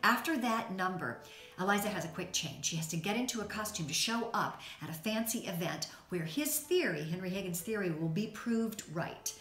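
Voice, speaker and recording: A woman from North Carolina, an actress telling an expressive backstage story as a fundraising appeal. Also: medium pitch, moderate pace. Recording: echoey room, faint music.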